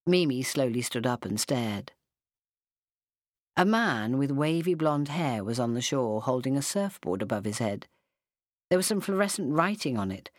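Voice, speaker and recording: A woman narrating a story with gentle, expressive storytelling. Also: rumbling low, no room sound, clean studio sound. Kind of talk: storybook reading.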